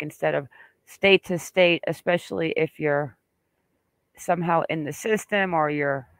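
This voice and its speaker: A chatty host from New England talks through a case in casual commentary. His voice is high and gravelly, with a bright, sharp tone in a dry room. He sounds opinionated and thinks aloud as he goes. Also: dry recording.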